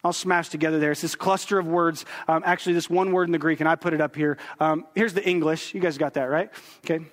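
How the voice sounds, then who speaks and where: A man's voice: on the high side, fairly even intonation, quick pace. A man in his thirties preaching a sermon as a pastor, conversational and joking with the congregation. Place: church sanctuary. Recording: long reverb of a church hall.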